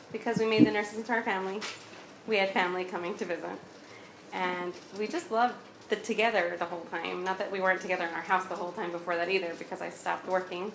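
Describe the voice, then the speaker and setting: Woman, personal storytelling, blunt and lively, echoey room, faint background noise. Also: mid-range voice. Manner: lively, blunt, acts out both sides of conversations. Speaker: speaker sharing her story.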